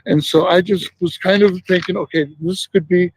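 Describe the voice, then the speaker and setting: A man's voice: high voice, fairly even intonation, normal speed, breathy edge, poor audio. Stammering, defensive man in his fifties. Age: 50s. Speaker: confronted man. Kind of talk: tense confrontation.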